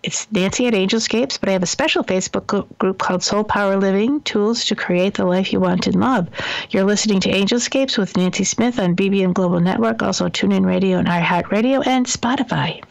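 A woman's voice: mid-range voice, a little fast, vocal fry, no room sound. A middle-aged woman hosting a talk radio show, telling a personal story in a chatty, meandering way with fillers and restarts.

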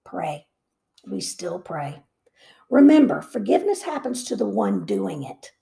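Gravelly woman reading a devotional book. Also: mid-range voice, sing-song, a little slow, warm tone. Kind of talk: reading aloud with brief comments.

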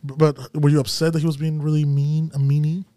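A man's voice: a little high, flat delivery, fairly quick, dark tone. A man in a casual podcast chat, teasing and asking questions.

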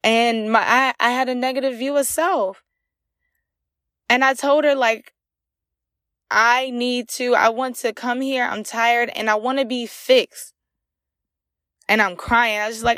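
A young woman with a fairly high voice tells a personal story on her own podcast. She talks in a raw, emotional, rambling way with lots of fillers, close to the mic in a dry room with no echo. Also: steady tone, a little slow, long pauses, a bit bright. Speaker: podcast host. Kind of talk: candid solo podcast monologue.

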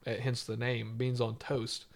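A man's voice: mid-range voice, monotone, a little slow, gravelly. A man from the United States hosting a casual podcast chat, rambling and joking with frequent laughs. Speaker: podcast host.

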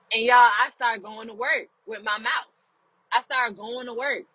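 A woman's voice: on the high side, fairly even intonation, unhurried, bright, forceful tone, breathy edge, dry recording, rough recording. A young woman talking casually to her viewers about faith, earnest and encouraging, repeating phrases and checking in with "right?" and "okay?". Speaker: Christian video creator.

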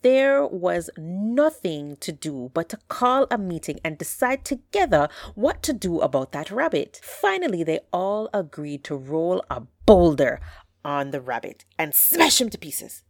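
A woman storyteller telling folktales aloud with an expressive, drawn-out delivery. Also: lowish voice, no echo, studio quality.

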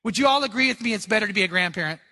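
A man's voice: high-pitched, expressive, racing, sharp tone. An older man preaching a sermon to a congregation in a church, fervent and emphatic, repeating key phrases. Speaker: pastor. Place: church sanctuary before a congregation.

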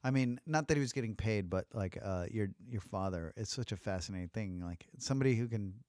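A man's voice: fairly low pitch, brisk, darkish tone, dry recording. Teasing easygoing man, dry close sound. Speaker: podcast co-host. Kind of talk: casual chat.

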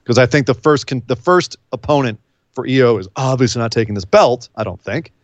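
A man co-hosting a podcast in casual chat, animated, with incredulous outbursts and quick asides. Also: mid-range voice, no echo. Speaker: podcast co-host. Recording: dull, lo-fi dry sound.

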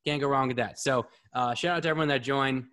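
A man hosting a live podcast, talking in a casual, excitable, rambling way and swearing freely. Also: medium pitch, fast. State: a bit out of breath. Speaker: podcast host.

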